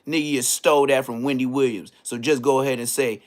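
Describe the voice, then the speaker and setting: A man hosting a podcast, delivering a comedic roast rant full of slang and mocking jabs, swinging between loud outbursts and low muttered asides. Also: little pitch movement, a little fast, hardly any pauses. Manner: trash-talking, heavy slang, mocking. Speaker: podcast host.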